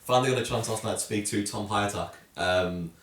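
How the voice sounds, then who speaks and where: A man's voice: fairly low pitch, brisk, fairly bright tone. A young man, co-hosting a casual football podcast, rambling with lots of ums. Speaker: podcast co-host. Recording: echoey room, distant mic.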